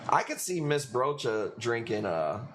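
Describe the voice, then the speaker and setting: A man's voice: mid-range voice, sing-song, a little slow, a bit bright, a little hiss or hum. A man with a Chicago accent hosting a live coral-selling stream, chatting casually in a loose, rambling way with plenty of swearing. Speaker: livestream coral seller. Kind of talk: casual livestream chat.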